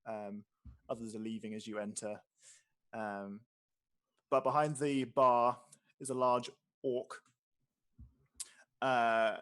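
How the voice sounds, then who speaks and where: A man running a tabletop game, describing the scene at length with many pauses and restarts. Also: mid-range voice. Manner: descriptive, with frequent fillers and restarts. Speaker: game master.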